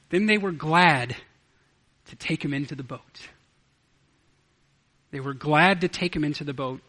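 A man preaching a sermon as pastor, swinging from loud declarations to hushed asides. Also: fairly high pitch.

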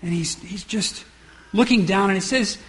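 A man's voice: sits high, moderate pace, long reverb tail. A man preaching a sermon, acting out the characters' lines and often restarting his words. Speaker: pastor.

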